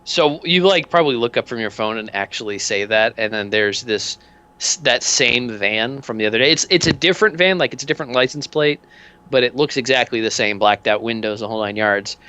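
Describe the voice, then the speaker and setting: A man's voice: medium pitch, lively intonation, fairly quick, pushed and bright, clean tone. A man narrating as game master in a casual, rambling way with many fillers, on dull lo-fi audio.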